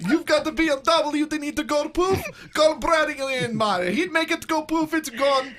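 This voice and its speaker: A man's voice: very high voice, a little slow, background noise, voice pushed up. A man voicing a boisterous Russian-accented man who raves about a friend. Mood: excited. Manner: boisterous, shouting, laughing.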